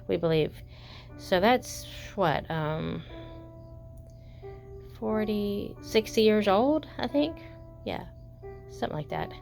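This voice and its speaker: A woman's voice: on the low side, creaky. A woman chatting casually in a show-and-tell vlog, gushing and rambling with fillers and self-corrections. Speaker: doll collector vlogger.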